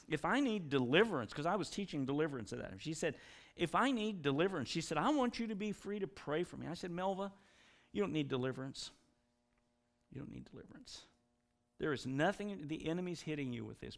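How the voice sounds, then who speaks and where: A man's voice: a little high, gravelly. A middle-aged man preaching a sermon, telling stories and acting out the voices of the people he quotes. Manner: animated storytelling, mimics the voices he quotes.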